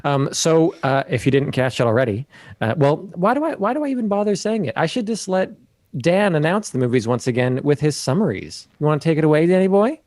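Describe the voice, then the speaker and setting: A man's voice: fairly high pitch, sing-song, brisk, a little mellow, no echo. Joking male podcast host, dry sound. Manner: loose, joking, full of fillers and restarts. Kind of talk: casual chat.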